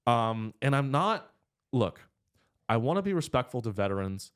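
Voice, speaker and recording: A man hosting a studio podcast, telling provocative jokes in a deadpan, casual way. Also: mid-range voice, normal speed, smooth. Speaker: comedian podcast host. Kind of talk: casual comedic chat.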